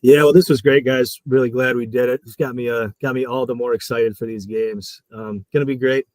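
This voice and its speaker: A man's voice: mid-range voice, steady tone, brisk, a little mellow, no echo. A man guesting on a sports betting show, giving an upbeat casual wrap-up. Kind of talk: casual chat.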